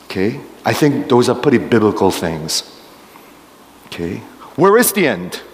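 A man's voice: on the low side, very animated, measured pace. A man preaching a sermon as pastor, emphatic and firing questions at the congregation. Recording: long hall reverb.

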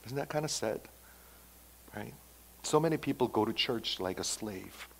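A man's voice: lowish voice, lively intonation, moderate pace, gravelly. Male pastor, sermon, dramatic dynamic swings, conversational. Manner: emphatic, swings from loud to hushed.

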